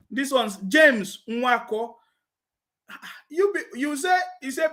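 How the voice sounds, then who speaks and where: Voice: medium pitch, very animated, takes it slowly, fairly bright tone. A commentator with a Nigerian accent, mocking his targets and laughing often as he talks. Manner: taunting, laughs often, repeats "you understand me". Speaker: political commentator.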